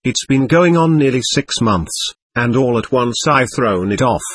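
Bitter, restless young man, snapping and sardonic, read by a male narrator, husky tone. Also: mid-range voice, lively intonation, a little slow, dry recording, clean studio sound. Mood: bitterly elated. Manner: sardonic, snapping, self-mocking. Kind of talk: audiobook character reading.

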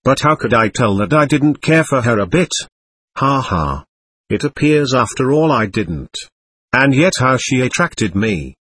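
Bitter, restless young man, snapping and sardonic, read by a male narrator, husky tone. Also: mid-range voice, big pitch swings, unhurried, a bit bright, no room sound, full character voice. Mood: mocking. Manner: sardonic, snapping, self-mocking. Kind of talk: audiobook character reading.

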